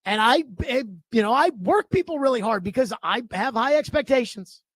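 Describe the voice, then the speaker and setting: A man hosting a sports radio talk show, ranting in an animated, emphatic and indignant way into a studio microphone. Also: very high voice, moderate pace.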